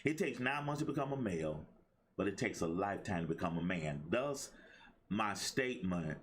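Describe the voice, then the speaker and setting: A man's voice: sits low, expressive, normal speed. A middle-aged man hosting a motivational livestream, talking in a preachy call-and-response style. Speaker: host and life coach.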